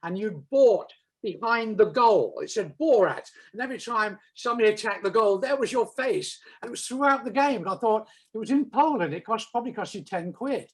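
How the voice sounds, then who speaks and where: An older man, interviewing in a casual conversation, wry and chatty with a halting delivery. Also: high voice, expressive, slightly rough, low-quality recording.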